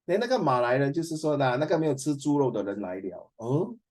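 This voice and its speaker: A man's voice: medium pitch, lively intonation, fast, a little mellow. A man with a Singaporean accent teaching a class, chatty and full of fillers, quizzing his students as he goes. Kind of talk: classroom lecture.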